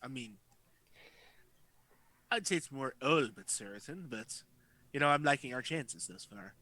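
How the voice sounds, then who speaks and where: Bright-voiced man playing a tabletop game. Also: medium pitch, lively intonation, measured pace. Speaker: player. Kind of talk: casual tabletop play.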